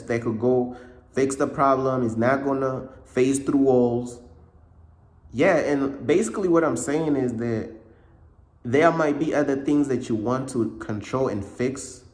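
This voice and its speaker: A man giving a casual motivational talk, repeating himself often, with a slightly cracking voice and frequent throat clearing. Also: medium pitch, a little mellow, roomy sound. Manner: repetitive, conversational, frequent "bruh" and "you know what I'm saying". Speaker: motivational speaker.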